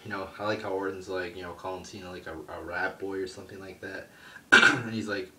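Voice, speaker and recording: A man's voice: sits low, fairly even intonation, brisk, sharp tone. A man reviewing a wrestling show in a crude, swearing, scornful rant. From United States. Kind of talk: profane ranting review. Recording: roomy, distant mic, faint background noise.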